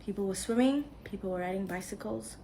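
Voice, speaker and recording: A South African woman with a South African accent, giving an earnest, measured vlog update. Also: mid-range voice, warm tone, slight background noise, rough recording.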